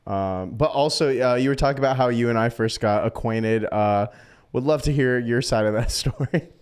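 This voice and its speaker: A man's voice: medium pitch, moderate pace, smooth. A man hosting a podcast, chatting casually with a laid-back manner. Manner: relaxed, uses fillers, laid-back. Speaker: podcast host. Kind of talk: casual chat.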